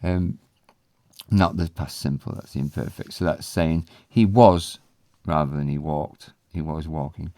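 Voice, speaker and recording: A man teaching a language in a relaxed, explanatory way, pausing often with ums. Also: extremely low pitch, dry recording, clean studio sound. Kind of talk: casual spoken lesson.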